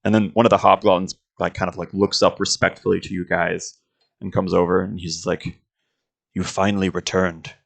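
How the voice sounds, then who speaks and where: Low, gravelly man narrating a game. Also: little pitch movement, fairly quick, fairly bright tone. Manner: rambling, filler-heavy description. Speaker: game master.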